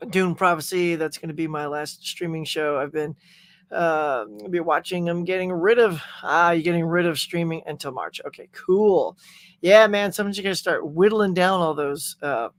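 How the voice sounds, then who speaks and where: A man's voice: a little high, steady tone, normal speed. A man hosting a casual pop culture live stream from his home setup, talking in a goofy, upbeat way into a desktop USB microphone. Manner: goofy, upbeat, reads viewer chat aloud. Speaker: host of a pop culture livestream. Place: home setup in Southern California.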